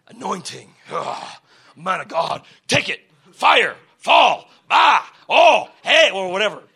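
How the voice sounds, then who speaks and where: A fiery male preacher with a high voice delivers a sermon in a church, talking to the congregation in loose, slangy language. He swings from ringing shouts to quiet, close words and keeps asking the crowd if they are ready. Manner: energetic, swings from shouting to hushed talk; slangy and conversational, asks the crowd questions.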